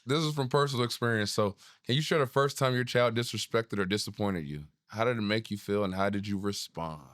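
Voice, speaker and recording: A man with a raspy voice hosting a podcast in casual chat, loose and self-mocking as he stumbles over his words. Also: lowish voice, fairly quick, fairly bright tone, dry recording, studio quality. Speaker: podcast host.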